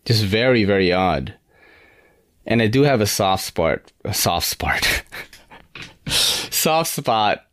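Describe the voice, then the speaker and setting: Host: young man, low voice that swings a lot, dry close sound, easygoing and profane. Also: dry recording. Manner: laid-back, swears often, many fillers. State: slightly out of breath. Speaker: podcast host reviewing knives. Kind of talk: casual knife review chat.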